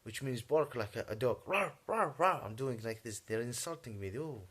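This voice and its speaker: Husky-voiced man ranting, native Arabic speaker. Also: mid-range voice, darkish tone. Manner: agitated, halting, frequent throat clearing. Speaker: vlogger. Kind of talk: rambling monologue rant.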